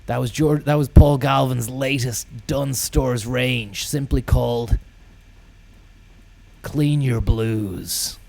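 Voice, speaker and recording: A man delivering a rambling, deadpan comic monologue full of absurd tall tales and casual swearing. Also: mid-range voice, measured pace, gravelly, hardly any pauses. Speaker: comedy podcast host.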